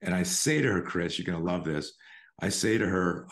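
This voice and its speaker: A man's voice: deep voice, brisk, reverberant. An older man, a self-defense instructor, telling a story in an interview and acting out the quotes. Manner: animated storyteller, acts out quotes.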